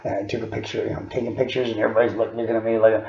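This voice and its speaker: In a gravelly voice pitched in an ordinary middle range, a man rambles loosely through a personal story, filling gaps with fillers and little chuckles. His tone stays level and a bit dark while he races along. The echoey, dull recording has a lo-fi quality with faint hiss or hum.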